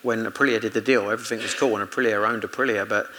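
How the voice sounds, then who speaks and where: A British former motorcycle racer tells chatty anecdotes in a casual storytelling interview, laughing and quoting his own conversations. His lowish voice is bright and forceful, fairly even in intonation and very fast, on a low-quality recording.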